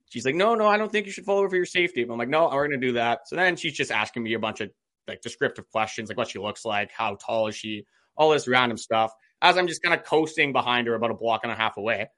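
A man co-hosting a podcast, telling a story in a casual, rambling way and quoting what he said. His voice is bright and forward at a mid pitch. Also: fast talker. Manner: chatty, many "like" fillers, quotes himself. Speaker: podcast co-host.

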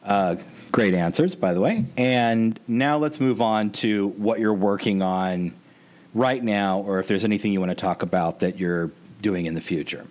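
Chatty American male host, lowish voice, eager and quick to restart his thoughts. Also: darkish tone. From United States. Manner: chatty, eager, self-interrupting. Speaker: podcast host. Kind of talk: casual interview chat.

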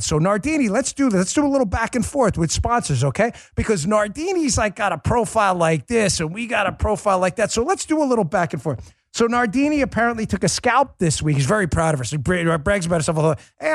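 Sarcastic high-voiced male host. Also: expressive, fast talker, no echo, studio quality. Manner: sarcastic, mocking, emphatic. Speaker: podcast host. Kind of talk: political commentary.

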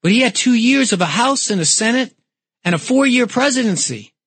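A middle-aged man with a New York accent hosting a talk radio call-in show, arguing his points forcefully. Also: very high-pitched, lively intonation, brisk, slightly rough, dry recording. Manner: forceful, argumentative explaining.

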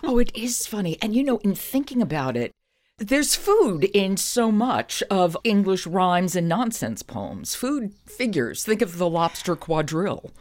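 A woman's voice: medium pitch, big pitch swings, a little slow, a little mellow. A woman hosting a casual chat, appreciative and encouraging.

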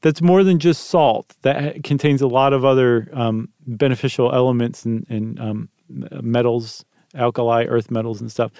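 A man's voice: mid-range voice, fairly even intonation, normal speed, creaky, mellow, dry recording, clean studio sound. A man co-hosting a podcast, chatting casually and rambling with fillers and jokey asides. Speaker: podcast co-host. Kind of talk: casual chat.

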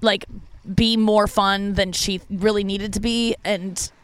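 A woman's voice: slow, smooth. A woman stand-up comedian tells a personal story in a loose, rambling monologue. She is frank and crude, and her sentences are full of "like" and restarts. Her voice leaps up animatedly whenever she quotes someone. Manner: candid, profane, heavy use of "like" fillers; animated when quoting people, with big pitch jumps.

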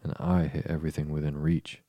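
A man with a very deep voice, reading the lines of a fretful, boastful twin brother in a bedtime storybook. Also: flat delivery, fairly quick, mellow, dry recording. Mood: fussy. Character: fussy boastful chubby boy twin.

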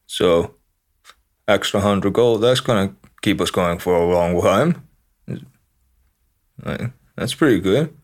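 A man's voice: sits low, animated, slow, pauses often. Playful, rambling man at the game table. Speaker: player. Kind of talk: tabletop role-play.

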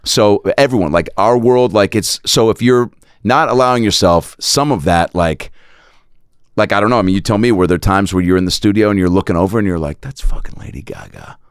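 A man's voice: lowish voice, brisk, smooth, no room sound, studio quality. A man hosting a casual interview, reacting eagerly and swearing freely.

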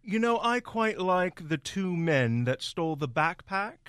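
A man's voice: high-pitched, very animated, measured pace, fairly bright tone, clean tone, no echo, exaggerated voice. Man putting on a snobby British gent. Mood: amused. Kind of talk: improv character.

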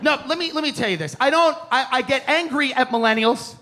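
A man's voice: very high voice, fairly quick, pushed and bright. A man doing a stand-up comedy set on a theater stage, ranting brashly and with plenty of profanity. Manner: brash, profane, aggressive rants. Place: theater stage before a live audience. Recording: stand-up recording with crowd noise.

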